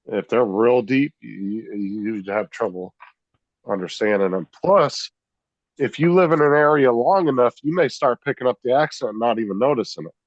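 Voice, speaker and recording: A man's voice: mid-range voice, animated, moderate pace, dry recording. Laid-back guy, dull dry sound. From California, USA. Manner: laid-back, swears casually, says 'dude' and 'like'. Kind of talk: casual chat.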